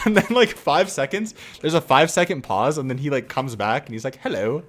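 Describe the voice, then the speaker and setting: A man's voice: on the high side, sing-song, fairly quick. A young adult man streaming, chatting casually in a rambling way, full of fillers and swearing and often laughing. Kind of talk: casual chat.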